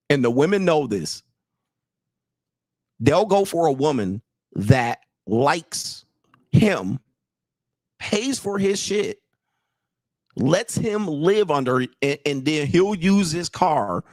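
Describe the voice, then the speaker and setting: Blunt, animated male livestream ranter. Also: a little high, slow, long pauses, no echo, clean studio sound. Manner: blunt, profane, lecturing, laughs often. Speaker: commentator, channel host. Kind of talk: livestream commentary rant.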